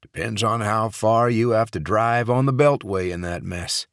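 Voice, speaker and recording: A practical male insider, read by a male narrator, grumbles dryly in a low voice. The audiobook sound is close and dry. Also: moderate pace, clean tone, no echo, close to an everyday voice.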